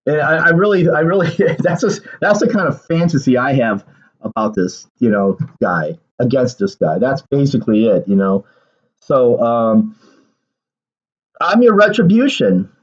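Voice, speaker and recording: Man, casual political commentary, rambling and repetitive, mid pitch, dull lo-fi recording. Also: lively intonation, moderate pace. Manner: rambling, repeats words, many fillers.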